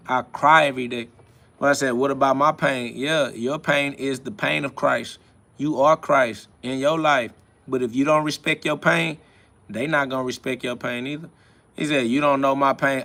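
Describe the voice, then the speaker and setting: A man's voice: mid-range voice, sharp tone. A man hosting a live self-talk stream, answering chat comments in a defiant, preachy way, laughing often and repeating his phrases. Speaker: livestream host.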